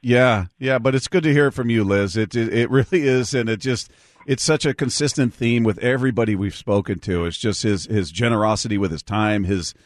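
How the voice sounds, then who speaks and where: A man's voice: on the low side, brisk, no room sound, studio quality. A male radio host speaking reflectively on a call-in show, often restarting his words. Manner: warm repetitive restarts, reflective. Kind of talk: call-in radio tribute chat. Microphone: studio mic.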